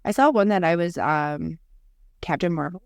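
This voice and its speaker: A woman's voice: on the low side, normal speed, dry recording, studio quality. A young woman co-hosting a podcast, chatty and swearing casually while reading lists aloud. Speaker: podcast co-host. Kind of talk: casual chat.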